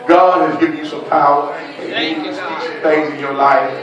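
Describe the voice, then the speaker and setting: A man preaching a lively sermon as pastor, calling out to the congregation and laughing between points. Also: fairly high pitch, moderate pace, very echoey, recorded from a distance, lo-fi sound, crowd noise. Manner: preaching with call-and-response and laughter.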